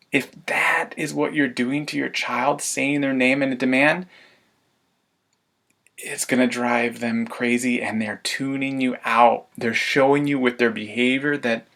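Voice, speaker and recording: Gravelly-voiced man coaching parents. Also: medium pitch, unhurried. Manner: lively, laughs often, acts out parent demands. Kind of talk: webinar presentation.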